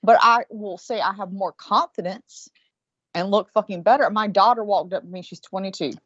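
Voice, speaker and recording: A woman's voice: mid-range voice, normal speed, fairly bright tone, dry recording. Woman in her 40s on a podcast, swears a ton, lo-fi dull sound. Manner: profane storytelling. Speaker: podcast co-host. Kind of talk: casual chat. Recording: muffled lo-fi sound.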